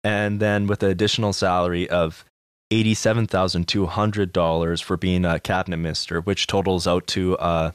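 Deep-voiced laid-back podcast co-host. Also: male voice, little pitch movement, moderate pace, smooth, no room sound, studio quality. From Canada. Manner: laid-back, swears often, laughs. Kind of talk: casual news chat.

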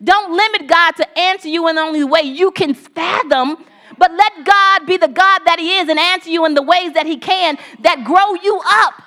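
A woman's voice: very high-pitched, normal speed, sharp tone. A woman preaching a sermon in a conversational, storytelling manner, building points through repeated phrases.

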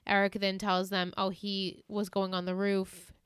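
A woman co-hosting a podcast in casual chat, recapping scenes with animated retellings. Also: medium pitch, measured pace, clean tone, no echo, clean studio sound. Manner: animated retelling, acts out quoted lines in exaggerated voices. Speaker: podcast co-host.

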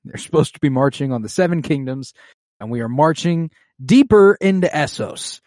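A man recapping a show in casual chat, animated and profane, laughing often. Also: fairly high pitch, moderate pace, no room sound.

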